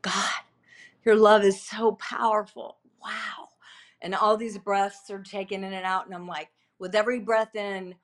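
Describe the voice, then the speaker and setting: A woman in her fifties speaks as a podcast guest, telling a deeply personal testimony. Her voice sits at an ordinary middle pitch. She talks haltingly and earnestly, circling back on her words and leaning on fillers as she searches for them. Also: a bit bright. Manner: halting, repetitive, earnest storytelling with many fillers.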